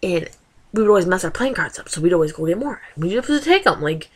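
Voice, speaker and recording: A woman's voice: fairly low pitch, sing-song, fast talker. A woman in her twenties ranting in a casual vlog, exasperated and full of rhetorical questions. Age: 20s. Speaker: vlogger.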